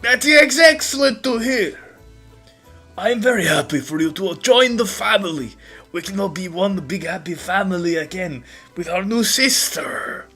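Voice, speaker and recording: A man's voice: sits high, lively intonation, moderate pace, pushed and bright, faint music behind, pitched above the performer's own voice, heavily acted. A man voicing a big, cheerful, boisterous man who is overly friendly and smug.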